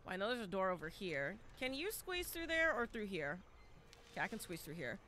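A woman streamer giving chatty, excitable live commentary as she plays, now and then breaking into loud shouts. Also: mid-range voice, fairly quick, a little hiss or hum.

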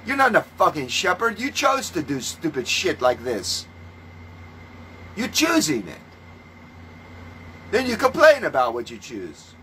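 Guy ranting like a preacher, swears constantly, a bit high-pitched, goes calm then loud. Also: a little slow, long pauses, a little hiss or hum, low-quality recording. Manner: ranting, scornful, swears a lot; shifts between calm teaching and loud outbursts. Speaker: self-styled religious preacher. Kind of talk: profane preaching monologue.

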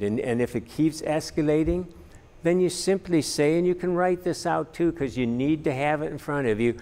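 A man's voice: medium pitch, normal speed, darkish tone, big-room sound. A man teaching a practical church class in an earnest, plainspoken way, with frequent fillers. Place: church meeting room.

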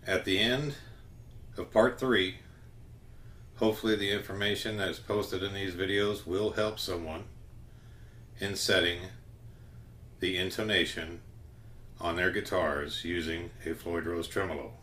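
Slow, short-of-breath man explaining guitar setup. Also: low voice, steady tone, a bit bright, a little hiss or hum. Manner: slow, halting delivery with pauses between phrases. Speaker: guitar tutorial host. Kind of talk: home video tutorial.

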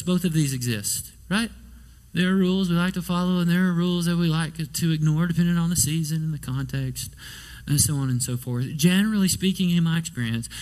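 Higher-voiced male pastor preaching. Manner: storytelling preacher, rhetorical questions, whispers quoted lines. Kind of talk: sermon. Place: church sanctuary.

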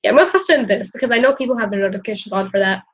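A young woman chats on her drawing stream, husky and a little raised in pitch, her sick voice rambling and distracted. The audio is muffled and lo-fi. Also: expressive, rapid-fire. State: sick, coughing. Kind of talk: casual live-stream chat.

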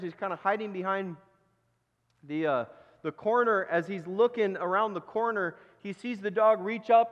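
Male pastor preaching, casual storytelling, slightly high voice, long church reverb, dull lo-fi sound. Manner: conversational, self-deprecating, with restarts. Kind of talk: sermon with storytelling.

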